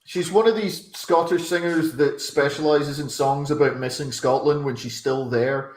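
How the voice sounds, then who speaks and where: A man's voice: fairly high pitch, steady tone, normal speed, darkish tone. Dry-witted man in an echoey room. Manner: dry, sardonic quips. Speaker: comedian guest. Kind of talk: casual banter on a video call. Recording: echoey room with faint noise.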